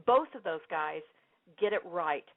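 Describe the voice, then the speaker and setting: A woman's voice: on the low side, expressive, a little slow. A woman guest on a casual political talk show, eager and keen to share quotes from friends. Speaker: guest commentator. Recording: tinny phone-like line.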